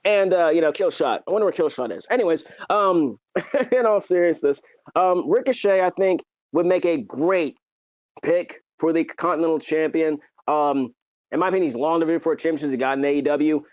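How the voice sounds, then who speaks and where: A man co-hosting a podcast, chatting casually and excitedly, with lots of fillers and restarts. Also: a little high, a little fast, dry recording, dull audio. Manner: rambling, filler-heavy, excitable. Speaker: podcast co-host. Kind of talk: casual wrestling chat.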